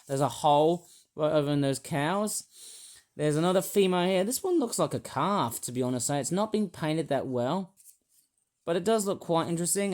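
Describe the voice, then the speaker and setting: A vlogger reviewing toys in a rambling, jokey, self-mocking way. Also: medium pitch. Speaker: toy reviewer. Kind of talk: casual vlog.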